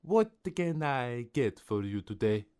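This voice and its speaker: A man voicing a kindly, polite French woman baker in an animated story. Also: medium pitch, measured pace, clear, resonant tone. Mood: welcoming. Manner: polite, apologetic.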